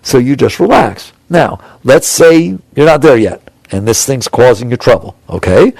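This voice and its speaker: A man's voice: medium pitch, vocal fry, a little mellow, dry recording. A man giving a conversational spiritual talk to an audience, acting out inner voices with small chuckles. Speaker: spiritual teacher.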